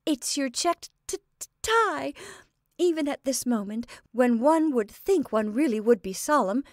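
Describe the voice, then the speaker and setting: A woman's voice: on the high side, animated, no echo, clean studio sound, voice pushed up, close to an everyday voice. A woman voicing a playful, impulsive young woman who bubbles over with laughter. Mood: giggly. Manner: bright, bubbly, quick to laugh.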